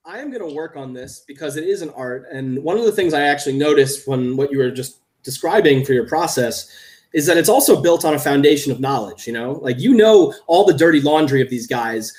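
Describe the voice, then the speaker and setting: Easygoing man hosting a chat. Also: on the high side. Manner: easygoing, hesitant, with fillers and laughs. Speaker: host. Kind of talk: casual podcast chat.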